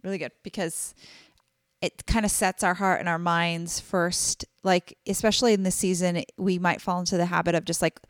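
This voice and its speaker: Woman podcast co-host, casual and earnest, filler-heavy, slightly low voice, dry room. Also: steady tone, moderate pace, no room sound. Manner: chatty, many fillers, warm and earnest. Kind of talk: casual Bible study chat.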